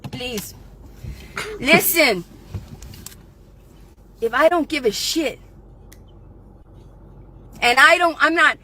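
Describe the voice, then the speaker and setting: A high-pitched woman with a bright, sharp edge to her voice, on an angry livestream rant outdoors. She is confrontational and swears. She often breaks into shouting. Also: drawn-out words, long pauses. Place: outdoors in front of her house.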